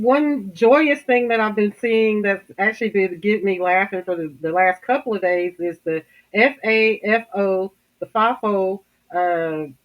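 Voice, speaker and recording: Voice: medium pitch, muffled recording. A podcast host giving casual commentary, rambling and stopping to search for words.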